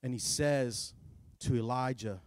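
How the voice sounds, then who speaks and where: A man preaching a sermon as pastor, with dramatic delivery that swings between hushed and shouting. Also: mid-range voice, measured pace, clear, resonant tone, no echo, studio quality.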